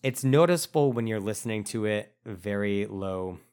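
Male podcast co-host, lowish voice, easygoing review chat. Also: lively intonation, normal speed, darkish tone, smooth. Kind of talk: casual film-review chat.

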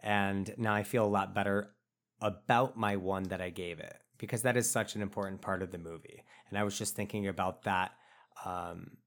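A man co-hosting a casual film-review podcast, thinking aloud in a relaxed way. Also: sits low, moderate pace. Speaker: podcast co-host.

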